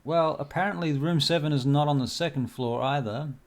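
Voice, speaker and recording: Male game master, halting narration. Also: a little high. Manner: hesitant, many ums. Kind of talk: narrating a tabletop role-play.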